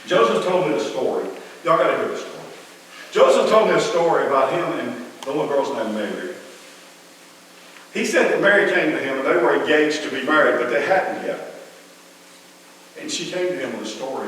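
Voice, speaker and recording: A skeptical, earthy shepherd tells his story in a first-person dramatic sermon, played by a male pastor. His voice is slightly high and swings widely as his questions build, and his folksy speech breaks the rules of grammar. He sounds far off in a reverberant church sanctuary with a faint hum behind him. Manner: folksy, colloquial grammar, rising animated questioning. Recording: echoey hall, distant mic, faint hum.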